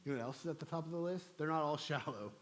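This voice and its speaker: A man's voice: on the high side, racing, a little hiss or hum. Man preaching a joking sermon. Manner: humorous, conversational, animated. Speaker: pastor. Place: church sanctuary. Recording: long church hall reverb.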